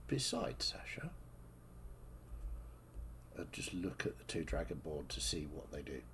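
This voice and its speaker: Low, slow-talking man player, faint hum. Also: sing-song. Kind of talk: tabletop role-play chat.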